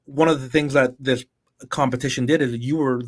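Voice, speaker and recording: A man's voice: medium pitch, fairly even intonation, a little fast. A man hosting a podcast interview, affirming his guest enthusiastically and asking long, rambling questions. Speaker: podcast host.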